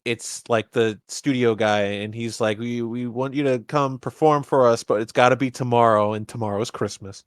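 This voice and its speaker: On a casual movie-rewatch podcast, a man with a mid-range voice recounts the film and impersonates its characters, frequently stammering and starting over. The recording is studio quality without echo.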